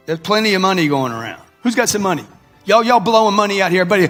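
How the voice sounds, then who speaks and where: A man's voice: sits high, sing-song, quick pace, fairly bright tone. A man, giving a brash motivational talk to a live audience and calling out to the crowd. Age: 60s. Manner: brash, preachy, addresses the crowd directly with slang. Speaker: motivational speaker. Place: large hall before a live audience. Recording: echoey hall with music underneath.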